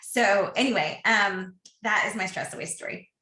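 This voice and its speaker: Bright-voiced woman telling a story in an echoey room. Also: medium pitch, moderate pace. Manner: chatty, rambling storyteller with fillers and restarts. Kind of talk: casual podcast chat, personal storytelling.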